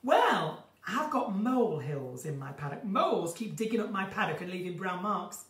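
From her countryside home, a croaky-voiced woman hosts an unscripted live stream, reading viewers' comments in a chatty, gushing, flamboyant way and sometimes bursting into song. Her mid-range voice swings widely in pitch at a normal speed and sounds a bit bright. Because the phone sits a little way off, she comes across roomy and distant.

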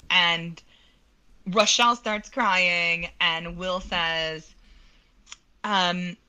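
A woman in her thirties, an opera singer, tells stories from her career in an animated way during an interview. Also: fairly low pitch, very slow, long pauses, clear, resonant tone. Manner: animated, laughs often, acts out quoted lines. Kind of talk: storytelling in a podcast interview.

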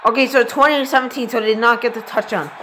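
A man's voice: extremely high pitch, steady tone, racing, pushed and bright, slight background noise. A young man reacting live to a football game, swearing and exasperated, ending nearly every phrase with "bro". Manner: profane, exasperated, says "bro" constantly. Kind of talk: live sports reaction commentary.

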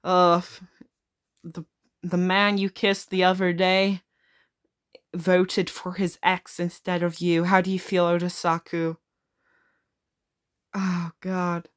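A woman's voice: on the low side, little pitch movement, slow, long pauses. A woman playing a simulator game, reading on-screen text aloud and reacting with frequent swearing in casual commentary. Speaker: gaming video creator. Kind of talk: casual let's-play commentary.

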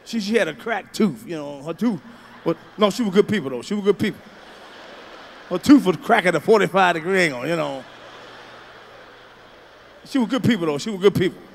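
Loud, profane stand-up comedian, high voice. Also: male voice, animated, fairly quick, gravelly, pauses often, a little hiss or hum. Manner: loud, profane storytelling, swinging from mutters to shouts. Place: large comedy venue stage. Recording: live show, faint crowd ambience.

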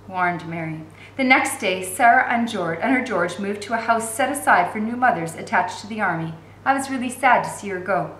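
A woman reading a novel aloud with expressive storytelling and occasional commentary as a teacher. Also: on the high side, echoey room, a little hiss or hum. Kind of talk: read-aloud narration with commentary.

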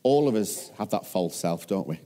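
A man's voice: low voice, animated, moderate pace, warm tone. A man with a Northern English accent preaching a sermon as a pastor, earnest and often putting questions to his listeners.

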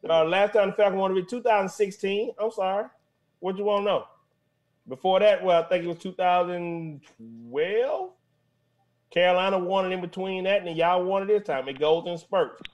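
A man hosting a sports call-in show, teasing callers with loud, profane trash talk. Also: high-pitched, moderate pace. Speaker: show host. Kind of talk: casual sports call-in banter.

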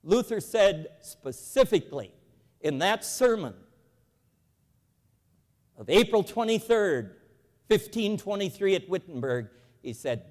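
A former bank president addresses an evangelical convention in a large auditorium with a high, lifted, slightly mellow voice. He speaks slowly with long pauses and big pitch swings, telling folksy stories and making strong appeals, and the hall's long reverb trails after him.

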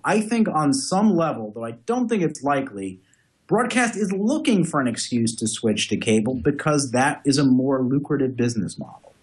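A man's voice: a little high, very animated, normal speed. A man co-hosting a tech news podcast, giving firm opinions and setting out his points one by one. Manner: opinionated, lays out points in order. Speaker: podcast co-host. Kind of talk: casual tech news discussion.

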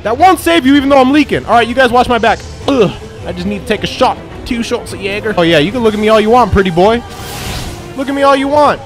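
An excitable young man narrates his gameplay, trash-talking the game and yelling at it. His voice sits high and swings widely up and down. Faint music plays under him. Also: quick pace. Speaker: gameplay YouTuber. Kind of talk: let's play commentary.

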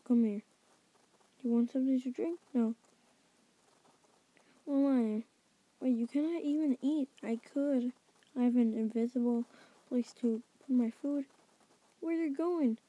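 A woman voicing several characters in a homemade stop-motion film, in a halting, improvised delivery with frequent restarts. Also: on the high side, dark tone, no echo, highs cut off. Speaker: maker voicing all characters.

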